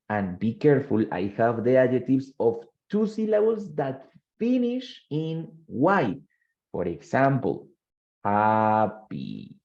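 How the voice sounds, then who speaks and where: A man's voice: medium pitch, gravelly, darkish tone, muffled recording. A male English teacher, giving a bilingual classroom lesson and quizzing his students. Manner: switches between English and Spanish, quizzes students.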